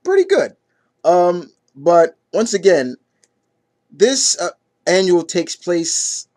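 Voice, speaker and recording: A man hosts a casual comic review, retelling the story in a loose, stumbling way full of fillers and restarts. His voice sits a bit high for a man. The recording is close and dry. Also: a little mellow, dry recording.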